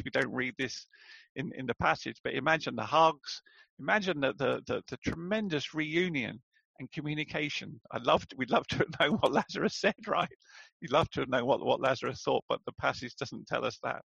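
A man's voice: mid-range voice, creaky, fairly bright tone, slightly rough, no echo, muffled recording. A man preaching a sermon in a conversational way, asking rhetorical questions and calling his listeners friends.

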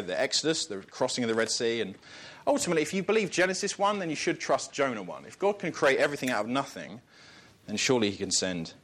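A man's voice: medium pitch, a bit bright. A man preaching a sermon in a conversational way, joking and chuckling between points and asking the listeners rhetorical questions.

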